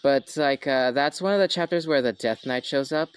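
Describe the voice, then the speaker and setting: A man's voice: mid-range voice, normal speed, clear, resonant tone, low-quality recording. Offhand joking man hosting a chat. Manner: joking, self-correcting, offhand. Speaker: host. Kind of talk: casual chat.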